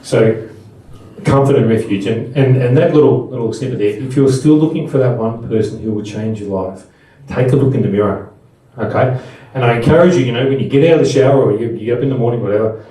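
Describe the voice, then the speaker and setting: In a very echoey room and from some distance, a middle-aged man talks fast in a warm, mid-range voice. He's giving a conversational talk full of anecdotes to a live audience at a Buddhist seminar, frequently restarting.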